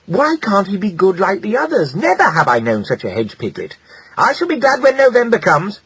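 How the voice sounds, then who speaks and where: A man's voice: huge pitch swings, moderate pace, a bit bright, breathy edge, no echo, full character voice, poor audio. A man voicing a fussy, exasperated mother hedgehog who nags and scolds. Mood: complaining. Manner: shrill, exasperated, nagging.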